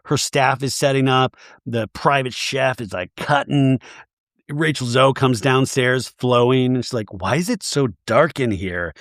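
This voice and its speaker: A man hosting a comedic podcast recapping reality TV, rambling and animated with jokey asides. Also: mid-range voice, no room sound, clean studio sound. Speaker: podcast host.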